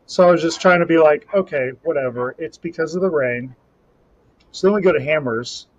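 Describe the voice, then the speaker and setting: Man, young adult, casual chat, animated storytelling, slightly high voice, muffled audio. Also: brisk. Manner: rambling, animated storytelling with self-talk asides. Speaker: podcast co-host and Highland Games athlete.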